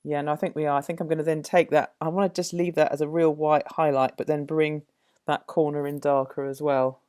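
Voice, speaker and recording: A woman demonstrating a watercolour painting, musing aloud as she works, with many pauses and self-corrections. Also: low-pitched, level tone, a little mellow. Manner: thoughtful, musing, full of fillers and self-corrections. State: slightly out of breath at times. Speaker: art teacher.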